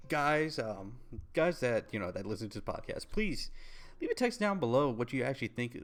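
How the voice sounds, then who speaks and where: A man hosting a podcast, chatting casually and teasing his guest with crude jokes. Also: lowish voice. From Midwest countryside. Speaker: podcast host.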